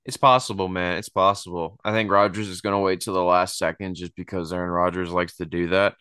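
A man's voice: low-pitched, fairly even intonation, brisk, pushed and bright, smooth, no room sound, studio quality. A man hosting a sports podcast, chatting casually and rambling, often laughing at his own jokes. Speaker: podcast host.

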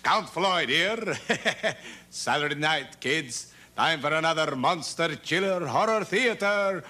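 Here is a hammy male horror show host who poses as a vampire count. He drags every word out very slowly in a mock-spooky way. His voice sits fairly high. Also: lively intonation, pushed and bright, full character voice. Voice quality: hammy, drawn-out spooky delivery.

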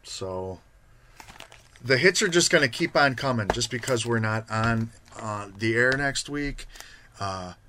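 A man's voice: mid-range voice, expressive, unhurried, bright, forceful tone, a little hiss or hum. A man co-hosting a live sports card show, thanking sponsors and plugging upcoming boxes in a casual, upbeat way. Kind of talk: casual live-stream chat.

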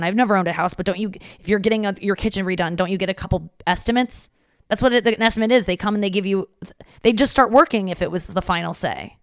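A woman's voice: mid-range voice, fast talker, no room sound, studio quality. A woman hosting a solo comedy podcast, telling stories in a rambling, profane way full of fillers. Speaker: podcast host.

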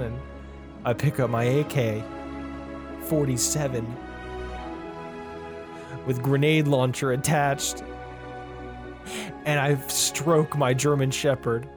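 A person telling a made-up spooky story among friends, stumbling over words and giggling, in a casual joking way. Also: mid-range voice. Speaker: storyteller in a group game.

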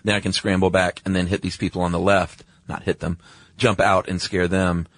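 A man co-hosting a podcast in casual chat, quick asides and frequent laughs. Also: low-pitched, little pitch movement, no room sound. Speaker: podcast co-host.

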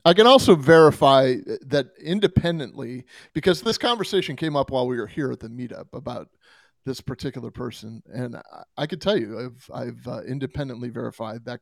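Podcast host dude, gravelly mid voice, dry close sound. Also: male voice, mid-range voice, expressive, fairly quick, no echo. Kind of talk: casual chat. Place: studio.

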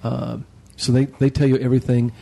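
A man chatting as a guest on a podcast roundtable, telling a relaxed, rambling story about a day out. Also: mid-range voice, a little fast, vocal fry. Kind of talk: casual roundtable chat.

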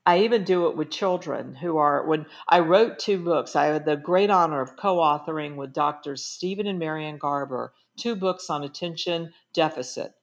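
A woman's voice: low voice, moderate pace, hardly any pauses, lo-fi sound. A middle-aged woman author, a guest in an interview, giving earnest and emphatic advice in conversation.

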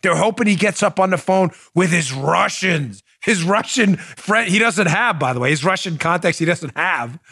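A man hosting a political podcast, talking in a sarcastic, mocking way with loud bursts and muttered asides. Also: sits high, lively intonation, moderate pace, vocal fry, hardly any pauses, husky, no room sound, studio quality. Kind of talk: opinionated solo commentary.

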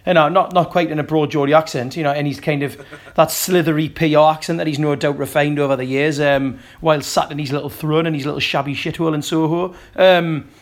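A man's voice: on the high side, steady tone, brisk, few pauses. A man appearing as a guest on a casual football podcast, ranting scornfully and swearing a lot.

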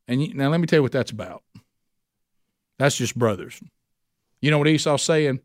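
A man's voice: a little high, normal speed, pauses often, no room sound, clean studio sound. A male pastor preaching a sermon in a folksy, conversational way, often asking the listeners questions.

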